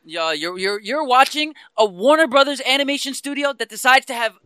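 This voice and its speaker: Passionate ranting man, bright voice. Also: very high-pitched, brisk, clear, resonant tone, no room sound. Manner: passionate, ranting, animated about comics. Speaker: podcast co-host. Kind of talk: casual chat.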